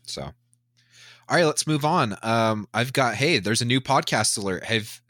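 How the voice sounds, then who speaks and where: Bright-voiced man hosting a podcast. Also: mid-range voice, lively intonation, measured pace, dry recording, clean studio sound. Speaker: podcast host. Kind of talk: casual podcast chat.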